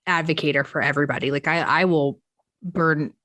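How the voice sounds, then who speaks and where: A woman co-hosting a casual chat podcast, telling stories in an animated way and acting out the exchanges. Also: sits low, fairly quick. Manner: animated storyteller, acts out quoted exchanges. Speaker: podcast co-host.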